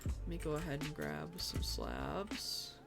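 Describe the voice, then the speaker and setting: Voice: mid-range voice, wildly swooping pitch, slow, creaky. A streamer doing live gameplay commentary, muttering to themself and grumbling about their own mistakes. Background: background music and keyboard typing.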